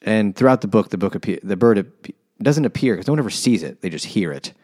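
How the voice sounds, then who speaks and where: A man's voice: on the low side, lively intonation, brisk, a little mellow, no echo. A man casually explaining a book plot with dry, profane jokes.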